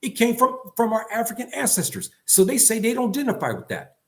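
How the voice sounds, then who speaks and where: A man's voice: very high-pitched, wildly swooping pitch, fast, a bit bright. An older man giving an impassioned monologue to his community, blunt and scolding, repeating himself and firing off rhetorical questions. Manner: emphatic, repetitive, rhetorical questions. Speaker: commentator addressing his community.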